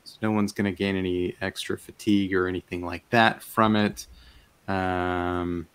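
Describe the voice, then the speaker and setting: A man's voice: deep voice, little pitch movement, normal speed, a bit bright, smooth. A man narrating a tabletop fantasy game as game master, in a meandering way with many fillers and restarts.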